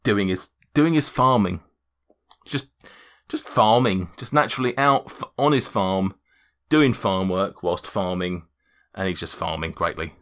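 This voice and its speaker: Male game master, lowish pitch, rambling, jokey narration. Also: a little slow, a bit bright.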